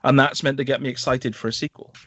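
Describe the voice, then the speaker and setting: A man's voice: medium pitch, quick pace, dry recording. A man, a podcast co-host, chatting casually through a film review, rambling and sarcastic. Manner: animated, rambling, sarcastic asides.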